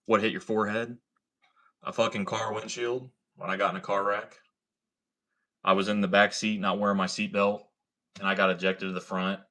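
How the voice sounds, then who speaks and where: Deep-voiced young man, laid-back streamer. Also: little pitch movement, normal speed, long pauses, bright, forceful tone. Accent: slight Ohio country. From Ohio, USA. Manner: laid-back, swears a lot, says man and bro. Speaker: livestreamer. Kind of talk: casual livestream chat reading comments.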